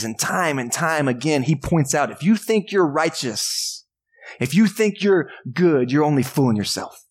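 A man, a pastor, preaching a casual, joking sermon in a church and acting out voices from the crowd. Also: mid-range voice. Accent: Texan. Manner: conversational, jokey preaching with acted-out voices. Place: church sanctuary.

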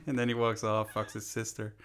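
Laid-back young man, bright voice. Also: lowish voice, monotone, a little fast, clear, resonant tone. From Latin America. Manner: laid-back, hesitant, laughs often. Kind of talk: casual chat.

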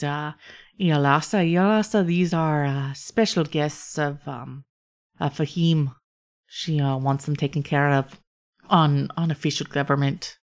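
A woman's voice: low-pitched, clear, resonant tone. A woman from the Midwest, narrating a tabletop game as game master in a casual, hesitant way. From American Midwest. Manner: casual, laughing, hesitant fillers.

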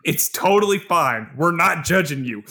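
A man from Georgia riffs through a casual film-review chat with a fairly high voice. His pitch swings widely, and he laughs easily between bursts of mock outrage. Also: animated, moderate pace, bright, forceful tone, breathy edge. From Georgia, USA. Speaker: podcast co-host.

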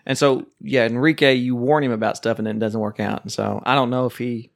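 A man in the host's chair of a casual podcast, mid-pitched and easygoing. He drifts into long, teasing anecdotes and keeps the banter running. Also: fairly even intonation, brisk, creaky. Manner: joking, rambling storyteller. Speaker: podcast host. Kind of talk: casual chat.

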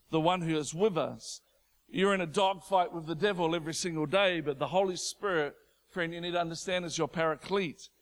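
A male preacher losing his voice, delivering an impassioned sermon that builds to shouting. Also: high voice.

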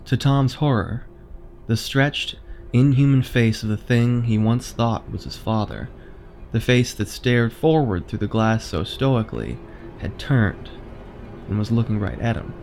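Male horror narrator, measured, suspenseful delivery. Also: mid-range voice, lively intonation, a little mellow, a little hiss or hum.

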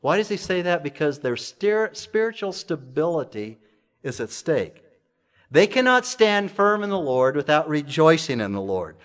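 Conversational preaching man, slightly high voice. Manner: conversational preaching with repetitions and rhetorical questions. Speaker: pastor. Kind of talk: sermon.

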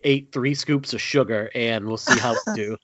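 A man's voice: medium pitch, moderate pace, a bit bright, no room sound, dull audio. A man hosting a horror podcast in casual chat, rambling with frequent ums, a little tired. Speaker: podcast host.

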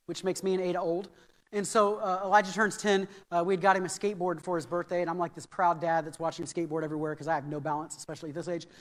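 An American man preaching a sermon as pastor, earnest and anecdotal, repeating key phrases for emphasis. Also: high voice. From United States. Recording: reverberant hall.

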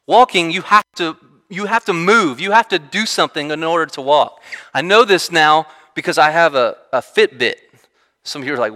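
A man preaching a sermon in an animated, conversational way, often restarting his sentences. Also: fairly high pitch. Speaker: pastor. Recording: reverberant hall sound.

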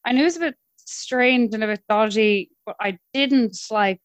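A young Irish woman in her twenties, telling her own story in a relaxed, chatty way with hesitant restarts. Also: a little high, moderate pace, dry recording. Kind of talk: conversational storytelling.

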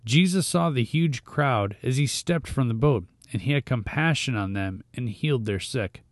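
Here the devotional podcast host has a medium pitch, lively intonation, and a normal speaking speed. Scripture comes first, followed by informal, reflective talk sprinkled with fillers and restarts. The recording is dry and clean, from a studio.

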